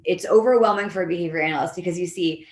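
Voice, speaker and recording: A woman behavior analyst, a guest in an interview, explaining her methods in a lively way and acting out the voices of the people she quotes. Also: fairly low pitch, racing, roomy sound. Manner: animated, acts out quoted voices. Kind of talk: conversational interview.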